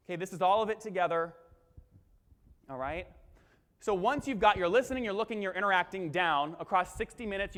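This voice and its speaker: A young man with a high, bright voice delivers a punchy keynote, pulling the audience in with quick questions. His voice rings through a big hall with a long reverb tail. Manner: punchy, crowd-engaging, acts out webinar lines. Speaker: keynote speaker. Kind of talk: energetic conference keynote. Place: large conference hall.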